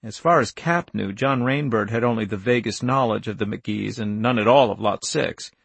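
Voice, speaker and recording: Gravelly-voiced man narrating an audiobook. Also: on the low side, normal speed, a bit bright, no echo.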